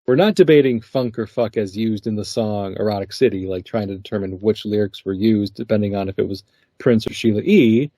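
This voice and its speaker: A man's voice: fairly low pitch, brisk, no room sound. A man hosting a podcast, talking casually with a guest and laughing often. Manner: laughs often, relaxed conversational delivery. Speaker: podcast host.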